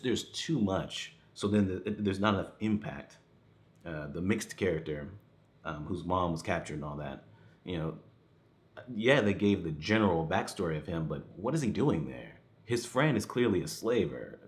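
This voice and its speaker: A man's voice: sits low, animated, normal speed. A man giving a casual spoken movie review, rambling with many restarts and fillers and chuckling now and then.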